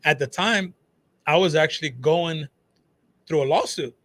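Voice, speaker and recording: A man in his thirties telling stories in casual chat, profane and animated, calling everyone bro and dog. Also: on the high side, measured pace. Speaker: podcast guest, phone shop owner.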